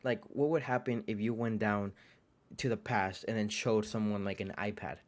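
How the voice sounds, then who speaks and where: A man's voice: fairly low pitch, fairly even intonation, normal speed. A young man giving a casual, chatty video review, full of fillers, restarts and jokey asides. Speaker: anime reviewer.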